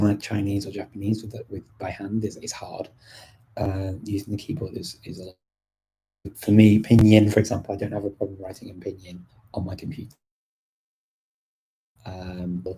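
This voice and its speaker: Mellow-voiced man chatting live. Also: lowish voice, slightly rough, poor audio. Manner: chatty, many ums and restarts, light laughs. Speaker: livestream host answering viewer questions. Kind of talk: casual live Q&A chat.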